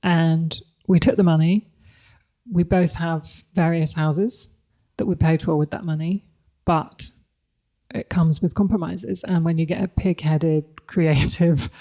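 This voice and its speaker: A woman's voice: lowish voice, warm tone. A woman, speaking candidly and reflectively as a podcast guest, laughing often. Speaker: guest, company CEO. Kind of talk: podcast interview conversation.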